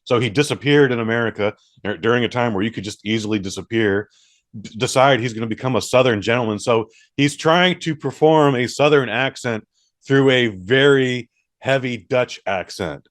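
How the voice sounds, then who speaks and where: Man, podcast co-host, casual movie chat, mid pitch, dry sound. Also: normal speed, no room sound. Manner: relaxed, swears casually, acts out quoted reactions.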